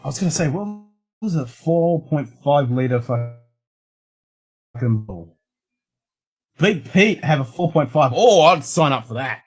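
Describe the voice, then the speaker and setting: A man's voice: on the high side, animated, unhurried, long pauses, slightly rough, faint music behind. An Australian man hosting a casual livestream chat, blunt and swearing constantly in a laid-back way. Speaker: show host.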